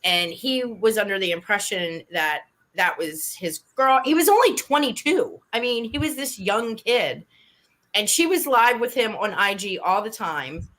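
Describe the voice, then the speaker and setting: A woman's voice: medium pitch, lively intonation, a little slow, a bit bright. A woman co-hosting a casual live chat, agreeable and chiming in often. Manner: agreeable, chiming in with frequent affirmations. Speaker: co-host.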